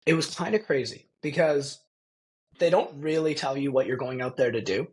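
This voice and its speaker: A young Canadian man with a Canadian accent, a podcast guest telling stories in a lively way and laughing often. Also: medium pitch, normal speed, poor audio. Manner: animated storyteller, laughs often, acts out quoted voices. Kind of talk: casual storytelling.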